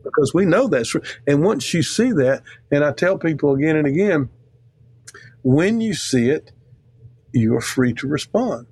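A man's voice: fairly high pitch, animated, a little slow, darkish tone, husky. An American man, a guest theologian, talking and telling stories in an earnest, emphatic way with a close podcast mic. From United States. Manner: earnest, emphatic, rambling with restarts. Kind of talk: conversational storytelling.

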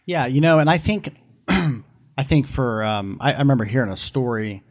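A man's voice: medium pitch, normal speed. A man co-hosting a live podcast, telling a long story with many restarts and asides. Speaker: podcast co-host.

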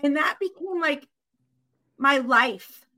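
A woman co-hosting a podcast, telling a personal story in candid, animated conversation, from Michigan. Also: high voice. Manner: earnest, animated storytelling with quick asides. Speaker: podcast co-host.

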